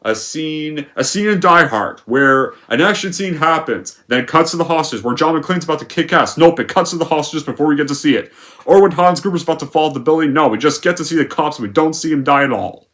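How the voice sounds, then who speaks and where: A man's voice: a little high, animated, brisk, few pauses, fairly bright tone. A young man giving a rambling, profane movie review rant, full of restarts and fillers. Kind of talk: ranting film review.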